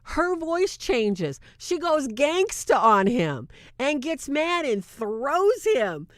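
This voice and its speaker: A woman talks through a film's plot in a chatty, conversational way. Her pitch swings widely as she narrates. The sound is dry and close. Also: very animated, takes it slowly, no echo. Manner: retells scenes with acted-out quotes, chatty. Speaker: movie reviewer. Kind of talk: casual film recap, live-streamed.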